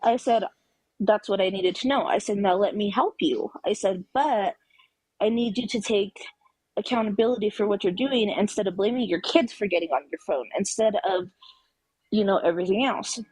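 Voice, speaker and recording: A woman's voice: mid-range voice, normal speed, darkish tone, husky, no echo, poor audio. A woman caller on a live talk show telling a personal story emphatically, acting out the quoted dialogue. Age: adult with children.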